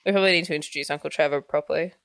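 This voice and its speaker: A woman's voice: low voice, fairly even intonation, rapid-fire, fairly bright tone, no echo, clean studio sound. A woman co-hosting a podcast, candid and rambling, laughing often in casual chat. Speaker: podcast co-host.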